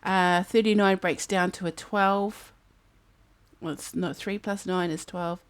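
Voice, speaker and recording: New woman, tarot reader, lowish voice, chatty and rambling, thinks out loud to her viewers. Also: fairly even intonation, a little slow, clean tone. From New Zealand. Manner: chatty, musing aloud, breaks into snatches of song. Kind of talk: casual tarot reading to camera. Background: fan humming in the background.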